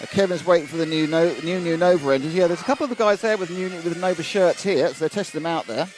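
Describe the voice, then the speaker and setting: A man's voice: a little high, fast. A man commentating live on a model car race, chatting and rambling through viewer comments at an outdoor track. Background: engine noise.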